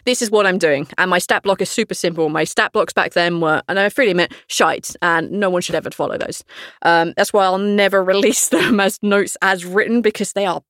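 A woman's voice: mid-range voice, fairly quick, a bit bright, no room sound, clean studio sound. A young woman, a game master talking candidly in a casual podcast chat, laughing often and swearing freely.

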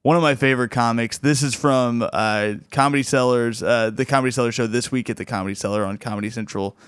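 Smooth-voiced laid-back podcast host man. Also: medium pitch, steady tone, fast, a bit bright, dry recording, clean studio sound. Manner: laid-back, chuckles often, restarts. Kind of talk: casual podcast chat.

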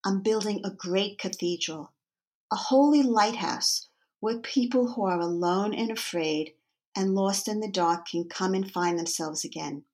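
A woman voicing a radiant medieval stonecutter who speaks softly and reverently in a parable. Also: medium pitch, unhurried, lightly acted.

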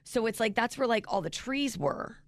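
A woman's voice: fairly high pitch, animated, normal speed, no echo. A woman co-hosting a radio show, telling a rambling story in casual banter.

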